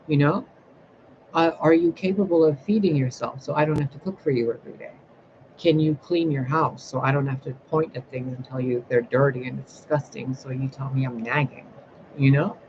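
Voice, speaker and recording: A spiritual reader speaking bluntly and profanely in a casual livestream rant, reading out viewer comments and answering them. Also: male voice, medium pitch, fairly even intonation, moderate pace, highs cut off, background noise.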